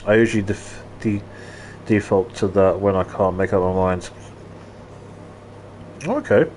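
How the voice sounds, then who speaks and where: A man's voice: on the low side, steady tone, measured pace, a little mellow, a little hiss or hum. Rambling man streaming a retro game. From London. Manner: rambling, chatty, ranting asides. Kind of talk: casual live-stream chat while playing.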